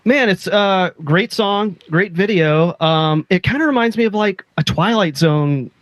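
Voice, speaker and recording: This is a man co-hosting a relaxed podcast chat. His voice sits a bit higher than most men's and has no room echo at all. He retells stories with eager energy and acts out the lines people say. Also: unhurried. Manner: enthusiastic storytelling, acting out quoted lines. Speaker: podcast co-host. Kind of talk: casual chat.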